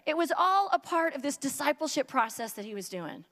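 Chatty high-voiced woman preaching in a hall. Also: big pitch swings, fairly quick, fairly bright tone. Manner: chatty and joking, many filler words. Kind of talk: humorous casual sermon.

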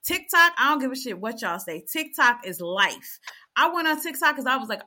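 A woman's voice: on the high side, big pitch swings, normal speed, bright, forceful tone. A middle-aged woman on a panel, telling her story bluntly and animatedly with plenty of profanity. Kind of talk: candid panel chat.

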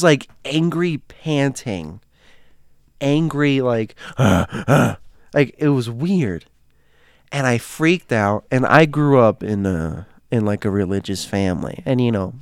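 A young man tells an eerie story at an unhurried, drawn-out pace, his voice close and dry with no room sound. He acts out the quoted lines with lively jumps in energy and laughs between them. His talk is loose and casual, full of likes and you-knows. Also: mid-range voice, clean tone, dry recording. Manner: animated, acts out quotes, laughs often, many fillers.

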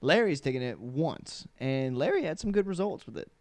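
A man's voice: fairly high pitch, big pitch swings, normal speed, no room sound. A young man hosting a podcast in casual chat, rambling, laughing often and restarting his sentences. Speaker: podcast host.

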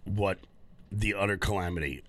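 Bright-voiced wry male co-host. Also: low-pitched, fairly quick, no room sound. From Florida. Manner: wry, joking, complains of the cold. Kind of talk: casual political talk show banter.

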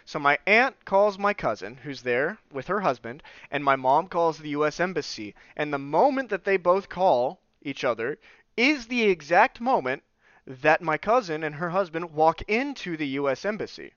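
Animated young man telling a story. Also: fairly high pitch, moderate pace, dry recording. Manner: animated, swearing, acts out quoted voices. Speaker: podcast host. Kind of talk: casual storytelling. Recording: slightly dull lo-fi sound.

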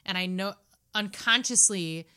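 Casting: female podcast co-host, lively storyteller, bright forward tone. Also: mid-range voice, unhurried, smooth. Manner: animated storyteller, laughs often and mimics voices. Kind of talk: casual chat.

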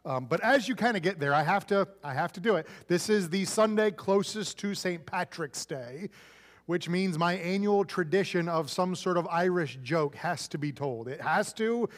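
A male pastor preaching a sermon in a relaxed, conversational way. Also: sits high, normal speed, big-room sound.

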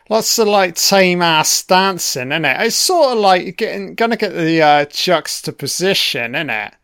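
A man's voice: fairly high pitch, fairly bright tone, smooth, dry recording, clean studio sound. A man giving a casual, laid-back film commentary, swearing often and talking back to the characters on screen.

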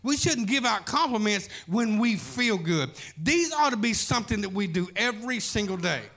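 A man's voice: high voice, animated, moderate pace, fairly bright tone. A man preaching a sermon, telling a folksy story as pastor.

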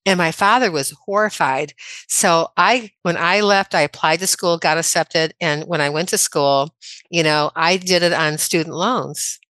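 A woman in her sixties from the American Midwest, a chiropractor telling personal stories in a casual interview, chatty and quick to laugh. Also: lowish voice, fairly bright tone, dry recording. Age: 60s. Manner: chatty, anecdotal, laughs often. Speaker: podcast guest, chiropractor.

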